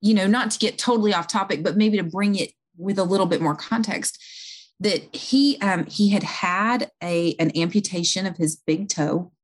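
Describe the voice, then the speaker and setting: A woman's voice: mid-range voice, moderate pace. A woman who works in home health, earnestly explaining a patient story in a conversation, with fillers and restarts along the way.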